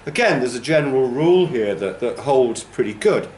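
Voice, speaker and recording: A TESOL course trainer, a man, gives a patient classroom lecture, lengthening words to show and exaggerate their stress. His medium-pitched voice is a little mellow, with lively intonation and normal speed; there's a little hiss or hum and roomy echo.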